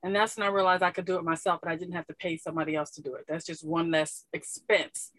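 A woman's voice: fairly low pitch, level tone, fast talker, a bit bright, no room sound, low-quality recording. A woman guest on a podcast giving encouraging advice in a casual chat. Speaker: guest author and coach.

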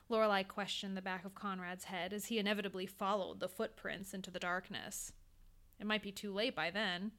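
A woman reads a scripted story aloud with a measured, suspenseful delivery. Her voice sits at a middle pitch, and her pacing holds tension through the scene. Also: fairly even intonation, fairly bright tone. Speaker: narrator.

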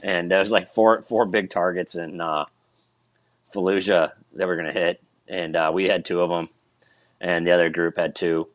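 Deep voiced vet guy telling a war story, stops and restarts a lot, dry sound. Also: fairly even intonation, no echo. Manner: halting, many fillers and restarts. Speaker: military veteran, guest. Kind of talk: casual storytelling.

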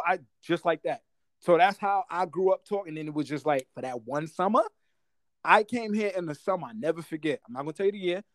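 A man in his forties from Guyana, telling stories in a casual chat, animated and laughing, full of street slang. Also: a little high, fairly quick, no room sound.

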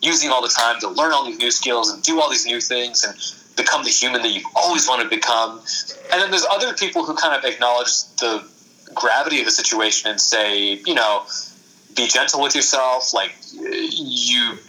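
A man's voice: medium pitch, rough recording. A man who is a guest on a podcast, talking casually in an effusive way and laughing readily. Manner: effusive, warm-hearted, quick to laugh.

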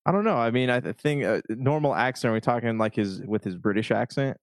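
A man co-hosting a casual movie discussion, hedging and thinking out loud as he talks. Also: medium pitch, lively intonation, fast talker, no room sound.

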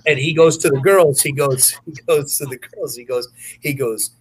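A man telling a story on a podcast in a loose, rambling way. He keeps stopping to fill gaps and restart his sentences. His voice sits at an ordinary middle pitch. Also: normal speed, breathy edge, rough recording. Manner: rambling, many fillers and restarts. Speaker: podcast guest. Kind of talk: casual anecdote telling.

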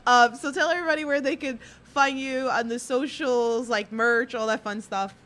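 A woman's voice: fairly high pitch, fairly even intonation, moderate pace, a bit bright. A woman podcast host with a thick Queens, New York accent, chatty and laughing often. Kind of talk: casual interview.

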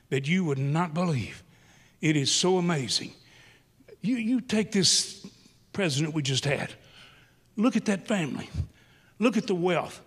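A man's voice: on the high side, animated, unhurried, pauses often, slightly rough. A man preaching a sermon, telling stories and building to emphatic exhortation. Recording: long hall reverb.

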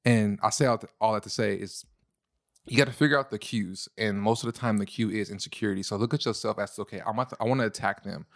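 Male co-host, low and gravelly, animated casual storyteller, dry sound. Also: fast, dry recording. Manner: animated storyteller, jumps into a high falsetto to tease. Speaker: podcast co-host. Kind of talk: casual relationship talk.

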